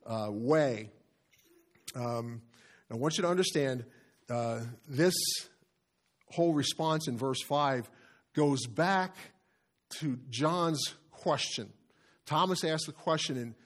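Middle-aged male pastor, mid-pitched voice, emphatic sermon delivery into a church mic. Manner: emphatic, repeats phrases, slows down to stress key words. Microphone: handheld or stand microphone.

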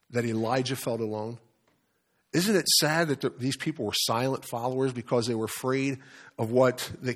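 Animated male preacher telling a story. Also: medium pitch. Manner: animated storytelling, repeats words, chuckles. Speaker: pastor. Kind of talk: sermon.

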